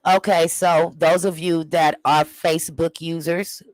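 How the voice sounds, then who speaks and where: A man's voice: fairly high pitch, flat delivery, measured pace, dry recording, low-quality recording. A man in his forties hosting a show, making emotional, preacher-like appeals to his viewers. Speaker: show host. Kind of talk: livestream commentary.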